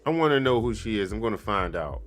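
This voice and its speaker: A man hosting a show, riffing on a replayed clip in casual, slangy commentary, animated and mocking, laughing often. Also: fairly low pitch, fast, faint music behind. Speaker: podcast host reacting to a clip.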